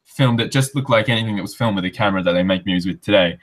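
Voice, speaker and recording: A man's voice: lowish voice, rapid-fire. A man chatting enthusiastically as a guest on a casual podcast. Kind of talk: casual chat.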